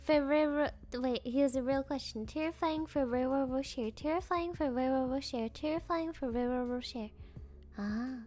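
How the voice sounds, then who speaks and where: A woman's voice: sits high, normal speed, a little mellow, soft background music. A woman streamer chatting casually and playfully, stumbling through tongue twisters with giggles and dropping Japanese fillers into her English.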